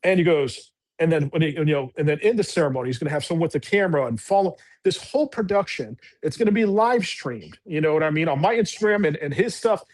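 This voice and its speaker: A man with a voice pitched a little above most men tells his story in a casual interview. He is a veteran guest who rambles earnestly and circles back with lots of fillers and restarts. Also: lively intonation, fast talker, hardly any pauses, darkish tone.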